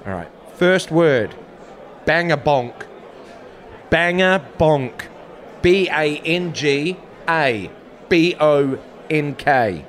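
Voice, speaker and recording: A man's voice: a little high, animated, drawn-out words. A man with a playful, teasing manner, hosting a casual word game. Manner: playful, teasing, quizzing the others. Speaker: podcast host running a word game. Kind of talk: casual chat.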